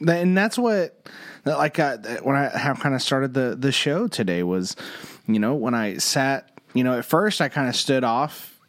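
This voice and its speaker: Reflective man with lively, swinging pitch. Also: measured pace, no room sound, studio quality. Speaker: assistant principal and podcast co-host. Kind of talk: casual conversation.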